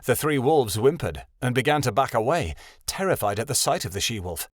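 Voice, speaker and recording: A man narrating a fantasy audiobook in an expressive reading style. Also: medium pitch, brisk, no echo, clean studio sound.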